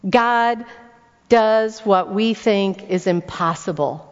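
A woman with a smooth, mid-range voice speaks slowly as she preaches at a church weekend event, addressing a congregation in a church hall. She tells stories, poses rhetorical questions to the room, and repeats words for emphasis, and the recording sounds dull, with hall reverb.

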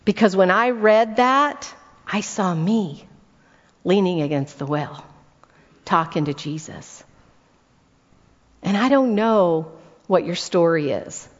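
A woman's voice: fairly low pitch, takes it slowly, pauses often. Woman preaching in an echoing hall. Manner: storytelling with rhetorical questions to the audience; animated, repeats words for emphasis. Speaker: speaker at a church weekend event. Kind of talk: sermon. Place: church hall before a congregation. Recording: dull recording in a reverberant hall.

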